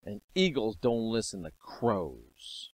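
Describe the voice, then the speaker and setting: A man's voice: on the low side, sing-song, takes it slowly, breathy edge, no echo. A man in his fifties giving an emphatic, repetitive spiritual monologue as host of his own channel. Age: 50s.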